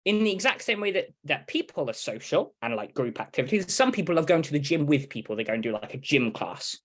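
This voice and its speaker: A man's voice: on the high side, sing-song, quick pace. A man with an English accent, a dog trainer talking casually as an interview guest and acting out little voices for dogs and owners. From England.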